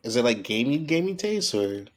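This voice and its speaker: A man's voice: mid-range voice, sing-song, normal speed. A man co-hosting a podcast in casual chat, teasing and playful, often laughing. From not from the local area. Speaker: podcast co-host.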